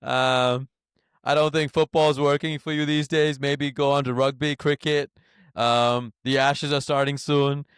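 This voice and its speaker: A man's voice: medium pitch, flat delivery, unhurried, fairly bright tone, clean tone, no echo, studio quality, lightly acted. A man doing a laid-back, matey farewell speech. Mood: teasing.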